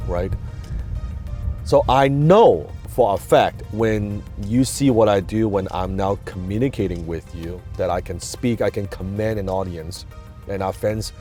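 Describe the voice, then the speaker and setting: Low, mellow-voiced man with an accent. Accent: non-native English accent. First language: not English. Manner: emphatic, repeats key words, rhetorical questions. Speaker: business and communication coach. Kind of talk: motivational talk to camera.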